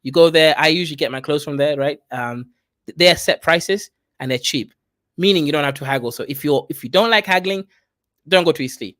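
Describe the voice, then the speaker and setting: Man, from Kenya, casual chat, tag questions, slightly high pitch, dry sound. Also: brisk, a bit bright, dry recording. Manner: chatty, advice-giving, says "right?" often. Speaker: host.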